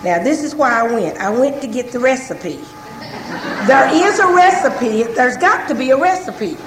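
A woman's voice: high-pitched, lively intonation, normal speed, roomy sound, noisy background. A woman sharing her personal story with a recovery group, talking frankly and repeating herself often.

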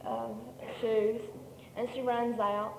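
A woman's voice: fairly high pitch, flat delivery, slow pace, a little mellow. A woman shares a personal testimony at a meeting, rambling and correcting herself as she goes. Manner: rambling storytelling, many restarts and self-corrections. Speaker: speaker sharing her story at a meeting. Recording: echoey hall with faint background noise.

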